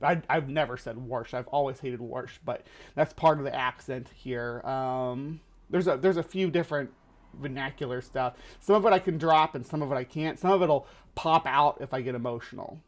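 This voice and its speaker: A male livestream host from the lower Midwest of the US, chatting casually and rambling with lots of fillers and restarts. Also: normal speed.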